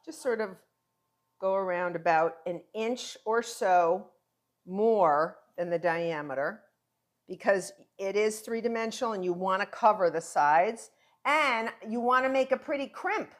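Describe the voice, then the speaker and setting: A woman's voice: mid-range voice, lively intonation, unhurried. Middle-aged woman, home cooking teacher, encouraging and conversational, mid-range voice. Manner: encouraging, chatty, talks viewers through each step. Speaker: cooking instructor. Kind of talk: cooking demonstration.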